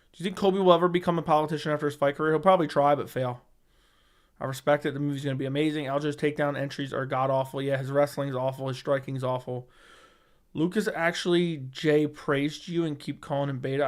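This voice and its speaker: A man hosting a casual livestream, reading viewer comments and answering bluntly, often swearing and repeating himself. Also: fairly high pitch. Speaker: MMA livestream host. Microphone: studio dynamic microphone.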